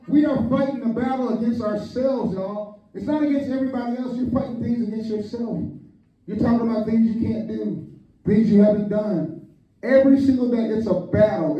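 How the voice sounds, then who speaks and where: Older pastor, lively joking sermon, high voice, muffled distant recording in a big echoey church. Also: male voice, slight background noise. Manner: call-and-response preaching, joking asides. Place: church sanctuary. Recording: echoey hall, distant, dull lo-fi.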